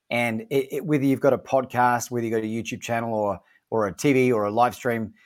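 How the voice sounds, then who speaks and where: An Australian man, a guest author and podcaster, talking in an upbeat, emphatic way in a casual interview. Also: medium pitch.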